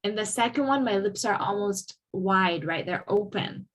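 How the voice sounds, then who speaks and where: A woman teaching English pronunciation in a class, slow and patient, modeling sounds over and over for her students. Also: mid-range voice, expressive, low-quality recording. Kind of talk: online class lesson.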